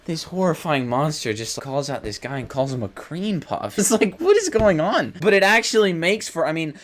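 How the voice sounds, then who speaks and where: A man's voice: fairly high pitch, big pitch swings, moderate pace. A man co-hosting a cartoon review, talking with enthusiasm and stammering as he restarts. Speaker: co-host. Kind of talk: casual review chat.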